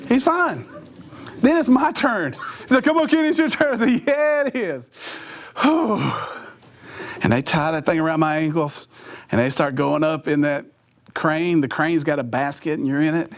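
A middle-aged man speaking to teenagers in a youth sermon. His voice sits fairly high, and he tells stories with energy, acting out sound effects and quoting his friends in their voices. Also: a little slow, long pauses. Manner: animated storytelling with voiced sound effects and impressions.

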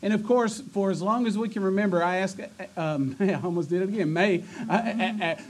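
A man's voice: sits high, fairly quick, breathy edge. A man hosting a church youth night, joking, teasing the crowd and running announcements. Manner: joking, energetic, stumbles and teases the audience. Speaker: youth pastor. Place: church youth room with a live audience.

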